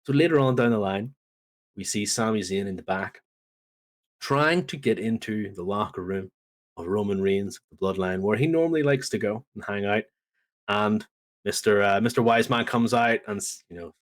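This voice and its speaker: Speaking at ordinary speed in a lowish voice, a podcast co-host chats casually about wrestling events. He's an animated storyteller who acts out what everyone said.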